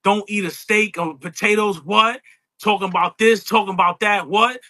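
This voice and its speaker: A man doing a gruff rowdy wrestler. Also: high voice, steady tone, moderate pace, dry recording, pitched above the performer's own voice. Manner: shouting call-and-response. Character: gruff rowdy male wrestler barking catchphrases.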